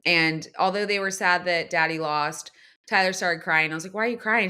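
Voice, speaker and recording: A woman in her thirties chats as a talk-show host, her voice bright and clear. She tells the story with lots of animation, slips into different voices for quotes and laughs between lines. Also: lowish voice, normal speed. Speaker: podcast host. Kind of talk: casual storytelling chat.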